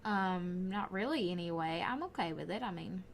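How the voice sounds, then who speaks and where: A woman's voice: lowish voice, expressive, moderate pace. Young woman, Southern Alabama accent, chatty rambling YouTuber commentary, with a faint hiss under the voice. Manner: rambling, chatty, often laughing. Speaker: gaming YouTuber. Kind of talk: casual voice-over commentary.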